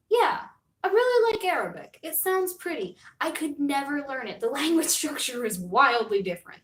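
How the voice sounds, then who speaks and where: A woman's voice: sits high, fairly bright tone, echoey room. A young American woman streaming, chatting casually in a rambling way, full of fillers and laughs. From United States.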